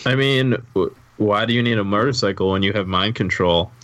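A man's voice: on the low side, fairly quick, a bit bright. A man arguing combatively and teasingly on a casual podcast panel.

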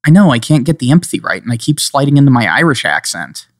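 Male podcast co-host, casual and joking, rambling delivery, mid-pitched, dry close mic. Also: sing-song, fast talker, no room sound. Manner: joking, rambling, slips into playful accents. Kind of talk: casual chat.

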